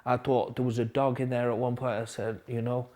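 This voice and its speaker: Halting, quiet-spoken man. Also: medium pitch, little pitch movement. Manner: quiet, halting storytelling with restarts, dropping softer at hard moments. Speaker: podcast guest. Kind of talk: recovery story interview.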